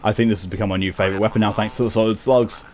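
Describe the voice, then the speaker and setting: Chatty man with a low voice. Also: steady tone, rapid-fire, a little hiss or hum. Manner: chatty, wry, laughs often. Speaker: streamer. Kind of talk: gameplay commentary.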